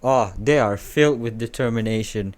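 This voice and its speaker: A young man casually reading a fan story aloud, stumbling over words and stopping for joking asides. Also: medium pitch. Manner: reads haltingly, stumbles and corrects himself, joking asides. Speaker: fanfic reader. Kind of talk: casual read-aloud with commentary.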